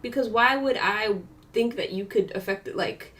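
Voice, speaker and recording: A woman's voice: fairly high pitch, moderate pace, fairly bright tone. Blunt woman podcast co-host. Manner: blunt, profane, laughs along. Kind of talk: casual political chat.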